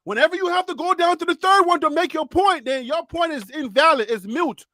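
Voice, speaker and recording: A high-pitched man with a Liberian accent hosts a lively sports debate, words tumbling out in repeats. His voice is close and dry, with no room around it. He is excitable and quick to laugh. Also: no room sound. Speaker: host. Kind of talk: live sports debate chat.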